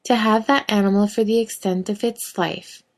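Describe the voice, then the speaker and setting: A woman voicing an awkward young female pet store clerk who lisps and reads haltingly from a script. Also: medium pitch, steady tone, voice pushed up, natural voice. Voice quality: lisping, slurping. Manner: hesitant, reading from a script.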